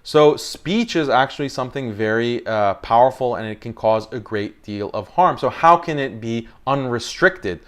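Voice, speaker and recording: A man's voice: medium pitch, expressive, moderate pace, hardly any pauses, a bit bright. Emphatic man arguing on a live stream. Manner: argumentative, emphatic, repeats key phrases. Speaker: host.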